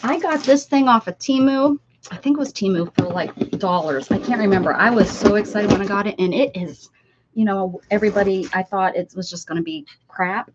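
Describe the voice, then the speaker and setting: An older woman talks casually to her livestream viewers from her home craft desk, drifting between her work and their comments. Her voice sits at an ordinary middle pitch. The stream audio is a little dull and lo-fi. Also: fairly quick, slight background noise. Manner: chatty, reads chat aloud and answers viewers.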